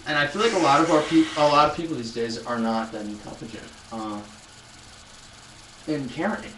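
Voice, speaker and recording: A man's voice: fairly high pitch, normal speed, a bit bright, roomy sound, recorded from a distance, slight background noise, low-quality recording. A man in his twenties chatting casually on a live stream, telling a rambling story with many restarts and addressing viewers. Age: 20s. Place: loud room.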